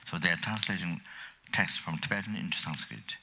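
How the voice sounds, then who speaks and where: An older man, a Buddhist teacher, gives a Dharma talk in a halting, rambling way, full of fillers and restarts, and he coughs often. His low voice is creaky, sharp and slightly rough, yet his intonation stays lively.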